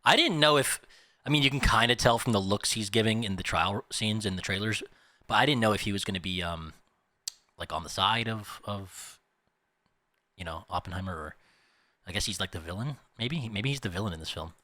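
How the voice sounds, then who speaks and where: Young male host, casual rambling reactor, low-ish bright voice. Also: fairly quick, no room sound. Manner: rambling, chatty, unsure asides.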